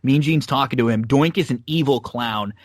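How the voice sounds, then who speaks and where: This wrestling rewatch podcast features a male host with a medium-pitched voice at a moderate pace, captured in clean studio sound without echo. His casual chat rambles, with frequent laughter, fillers, and false starts.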